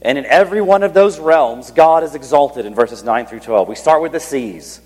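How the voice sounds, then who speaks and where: A pastor preaches a sermon in a fairly high, animated male voice with a darkish, breathy tone and moderate pace. He reads scripture with swelling emphasis, then drops almost to a whisper when speaking of awe, all within a long hall reverb.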